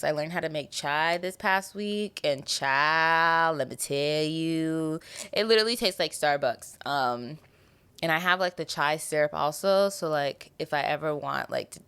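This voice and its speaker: Young woman host, lower voice that swoops widely, chatty solo podcast ramble. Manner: chatty, animated, lots of "like" and asides. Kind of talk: casual solo podcast chat.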